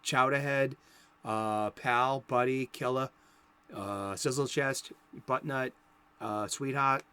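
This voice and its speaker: A man's voice: medium pitch, fairly even intonation, slow, sharp tone, clean tone. A middle-aged man from South Boston with a Boston accent, chatting casually as a comic book show host, rambling and often breaking off mid-sentence. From South Boston, USA. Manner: rambling, self-interrupting, chatty.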